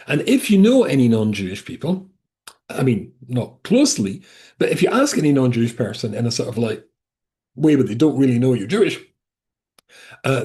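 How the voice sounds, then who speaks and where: A man teaching a Torah class over a video call, his pitch rising and falling a lot as he talks. He wanders into asides and restarts his sentences, always animated. His voice sits at an ordinary middle pitch for a man.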